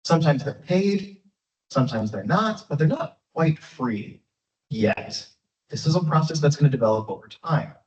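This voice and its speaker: Male guest lecturer, lively and conversational, pitch swings a lot; recorded from afar in an echoey hall. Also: normal speed. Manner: lively, conversational, frequent fillers. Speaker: guest speaker, history lecturer. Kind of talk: public history lecture. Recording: echoey, dull, from far off.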